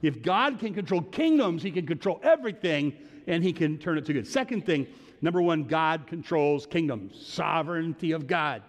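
A man's voice: on the high side, lively intonation, moderate pace, in a large hall. A man preaching a sermon in an earnest, conversational storytelling way, lifting into emphatic prayer. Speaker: pastor.

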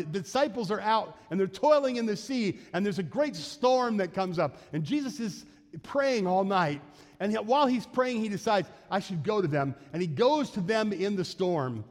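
High-voiced pastor preaching in a reverberant church. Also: male voice. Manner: conversational preaching, acts out quotes and asides. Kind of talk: sermon. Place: church sanctuary.

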